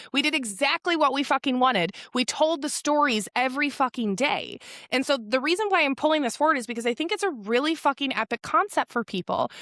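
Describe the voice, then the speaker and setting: Profane, animated woman storyteller. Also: fairly high pitch, no room sound, studio quality. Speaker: podcast host. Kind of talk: casual motivational monologue.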